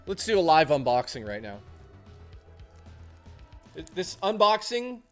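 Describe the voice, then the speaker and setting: A man's voice: fairly high pitch, sing-song, measured pace, pauses often, soft background music. A man streaming casually, rambling and chatting and reading out messages from his chat.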